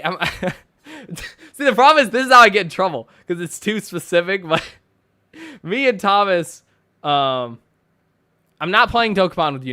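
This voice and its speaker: A man's voice: high-pitched, sharp tone, clear, resonant tone, dry recording, clean studio sound. A young man casually chatting on a stream and reading donations, rambling and swearing with frequent laughs and fillers. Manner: rambling, profane, laughs often, many fillers.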